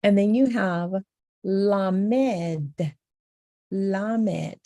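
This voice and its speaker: Woman, very slow pace, mellow low voice, patient teacher, dry close sound. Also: dry recording. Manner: slow, patient, repeats each sound several times. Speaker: language teacher. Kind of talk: beginner language lesson.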